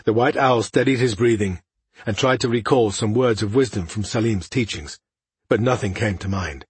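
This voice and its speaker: Husky male fantasy audiobook narrator. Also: on the low side, moderate pace, no room sound.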